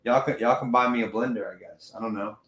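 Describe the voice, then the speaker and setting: A man's voice: medium pitch, fairly even intonation, quick pace, fairly bright tone. Joking, crude man in an echoey room. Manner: loose and crude, joking, trails off. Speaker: guest. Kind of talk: casual chat on a live stream.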